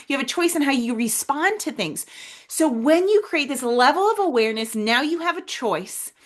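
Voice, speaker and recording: A woman with a fairly high voice hosts a faith-based motivational podcast. She speaks earnestly and with emphasis, addressing her listeners directly. At times she sinks to a soft hush as she acts out a quiet prayer. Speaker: podcast host.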